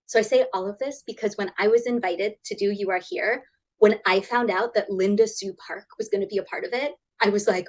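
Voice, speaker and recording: A woman in her thirties, a guest author chatting in an interview over a video call, animated and acting out quoted voices. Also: a little fast, rough recording. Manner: animated, acts out quoted voices with big pitch jumps. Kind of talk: casual interview chat.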